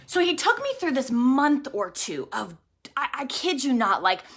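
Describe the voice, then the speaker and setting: A woman in her thirties who leads a ministry, telling a personal story in a casual, excitable livestream chat. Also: high voice, moderate pace. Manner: animated, excitable, talkative storyteller. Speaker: ministry leader and vlogger.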